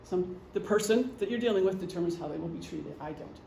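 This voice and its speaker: A retired police officer, a middle-aged woman, gives a casual lecture to a meeting, chatting, cracking jokes, and acting out gestures. Her lowish voice moves at a quick pace and sounds creaky and mellow. The echoey meeting room recording carries a little hiss or hum.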